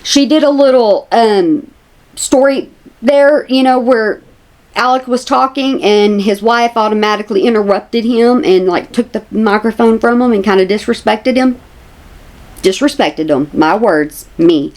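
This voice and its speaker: A woman's voice: on the high side, unhurried, darkish tone. A woman, chatting casually to her viewers as a commentary vlogger, repeating herself for emphasis.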